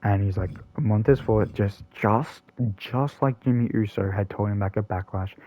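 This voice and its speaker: Brief: lower-voiced male gaming host, casual rambling commentary, dead dry lo-fi mic. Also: moderate pace, dry recording. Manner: rambling, filler-heavy, self-correcting.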